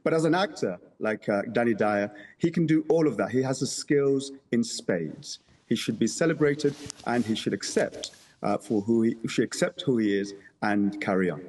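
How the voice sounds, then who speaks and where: A man, a councillor, being interviewed on television, who speaks in a measured way, pronouncing every word carefully, with hesitant fillers. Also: medium pitch, darkish tone. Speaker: councillor guest.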